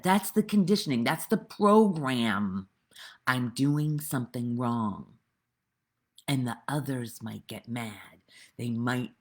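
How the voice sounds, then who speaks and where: A woman with a very deep, husky voice gives a slow spiritual talk outdoors. She rambles earnestly, and her pitch swings widely into sudden animated bursts. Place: outdoors with birds nearby.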